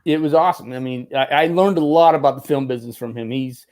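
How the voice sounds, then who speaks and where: A middle-aged man, a former Marine, tells animated stories in a casual interview, laughing often and restarting his sentences. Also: medium pitch, quick pace. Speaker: guest, former Marine turned film military advisor.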